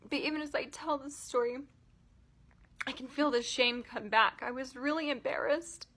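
Woman in her thirties, vlogger, tearful and halting, bright, slightly high voice. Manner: emotional, halting, many "like" fillers. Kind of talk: personal storytelling vlog.

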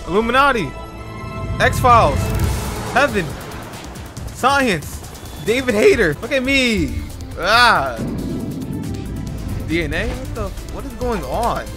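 A hyped man gives let's-play commentary on a game in slangy banter, and his pitch swings wildly as he reacts. His loud outbursts land over clear game music playing behind him. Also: big pitch swings, takes it slowly, long pauses. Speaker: gaming channel host.

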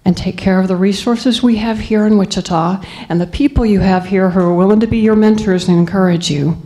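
A woman in her fifties from Southeast Texas gives a motivational speech to young students. Her voice is mellow and warm, and her pitch sits in the middle. She tells her story earnestly and presses hard on her main points. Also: steady tone, moderate pace. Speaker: guest speaker.

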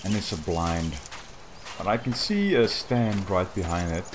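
Very low-voiced gamer talking softly. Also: male voice, animated, a little slow, background noise. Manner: soft-spoken, slightly awkward rambling. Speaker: gaming channel host. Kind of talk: casual gameplay commentary.

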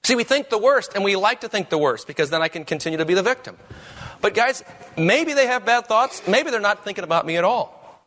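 A man's voice: sits high, lively intonation, fairly quick, fairly bright tone. A man preaching a sermon as pastor, with emphatic, rising questions.

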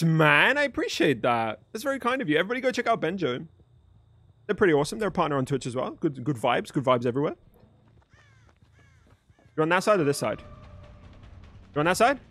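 A young man live-streaming a game, chatting with viewers in an animated, swearing, playful way. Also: fairly high pitch, brisk, long pauses, dry recording. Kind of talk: live stream commentary and chat.

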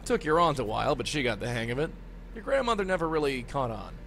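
A man's voice: mid-range voice, very animated, gravelly, a bit bright, slight background noise. Brief: a 1930s New York spirit guide, smart-mouthed tough guy, game dialogue. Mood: wisecracking. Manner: fast-talking tough-guy patter. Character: wisecracking 1930s male ghost guide. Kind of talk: video game voice acting.

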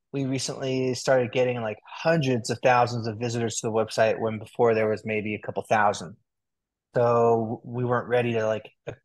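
A young adult man as an interview guest, talking in a relaxed, chatty way full of "like" and "dude". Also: mid-range voice. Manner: relaxed, talkative, fillers like "like" and "dude". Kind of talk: casual interview.

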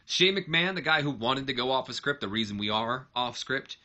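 A man's voice: mid-range voice, animated, a little fast, pushed and bright. A man giving casual commentary on a wrestling management game, rambling and correcting himself as he goes. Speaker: let's play narrator.

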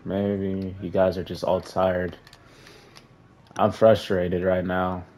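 Young gaming commentator, male, deep and dark-toned, frustrated running play-by-play of his own match. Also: slow pace, a little hiss or hum. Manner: frustrated, talks to players on screen, flat sighs between outbursts. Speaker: gaming YouTuber. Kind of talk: casual gameplay commentary.

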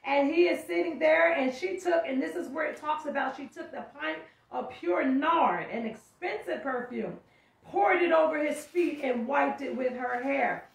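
A woman's voice: sits high, moderate pace, creaky. A woman teaching a sermon, reading scripture aloud and stopping to explain it, often calling out. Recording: echoey room, mic far off.

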